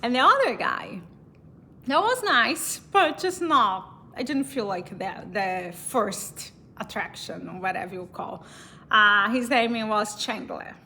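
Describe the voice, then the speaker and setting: A woman with a Brazilian accent recounts a personal story in a loose, chatty way, often laughing and restarting her sentences. Her voice is bright and sits a little high. A faint hum of noise runs under the recording. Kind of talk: casual storytelling.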